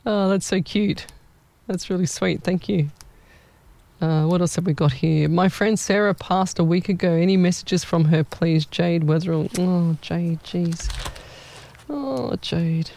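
A male psychic medium chats his way through a live reading, rambling and poking fun at himself. His voice sits a little high, recorded dry and close with no room sound. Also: steady tone, moderate pace, vocal fry, dry recording. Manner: chatty, rambling, self-mocking with frequent laughs; warm familiar address.

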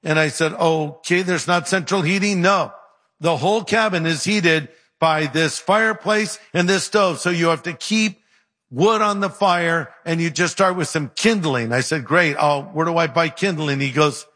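Man, pastor, high bright voice, lively storytelling sermon, long hall reverb. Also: normal speed. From California. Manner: animated, humorous storytelling.

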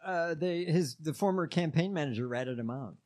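A man's voice: a little high, normal speed, darkish tone. A man co-hosting a podcast, chatting casually and hesitantly with many fillers. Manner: hesitant, lots of uh and um. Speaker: podcast co-host. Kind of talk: casual chat.

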